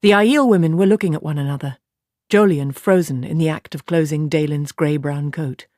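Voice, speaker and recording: A woman narrating an audiobook in an even, steady storytelling voice. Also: low voice, moderate pace, dry recording, studio quality.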